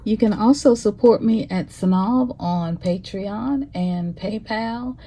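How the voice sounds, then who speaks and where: A woman hosting her own show, giving a slow, affectionate prophetic message that often sinks into a whisper. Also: mid-range voice, dark tone. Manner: slow, breathy, drifts into whispers; affectionate, calls listeners honey and baby. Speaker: host. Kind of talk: prophetic motivational monologue.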